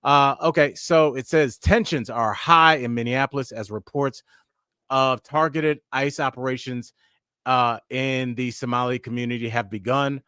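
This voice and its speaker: Male podcast co-host, conversational, mid pitch, dry close mic. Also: steady tone, unhurried, pushed and bright, clean tone, no echo. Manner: conversational, many fillers and restarts. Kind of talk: casual news chat.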